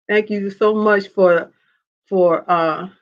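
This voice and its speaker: A woman hosting a live faith talk show, reading viewer comments and telling a personal story in an animated way. She laughs often and acts out the voices of the people she quotes. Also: medium pitch, very slow. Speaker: show host. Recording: dull lo-fi sound.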